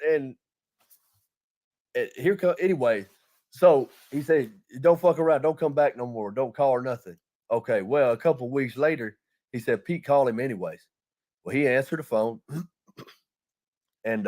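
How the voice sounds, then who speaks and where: A man's voice: fairly high pitch, a little mellow. A man telling a long, profane, rambling story in casual chat, laughing as he goes. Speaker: podcast host.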